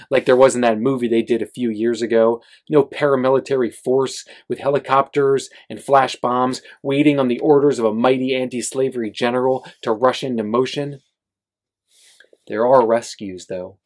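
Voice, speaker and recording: A man, the author, reading his novel aloud at a bookstore event, with casual asides to the audience. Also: medium pitch. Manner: steady reading with filler-heavy asides.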